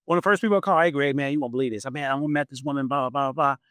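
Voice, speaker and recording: A man in his forties hosting a podcast, telling a personal story in a casual, animated way and laughing often. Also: rapid-fire, clean tone, no echo, studio quality. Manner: animated, acts out quoted voices with big pitch jumps. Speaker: podcast host.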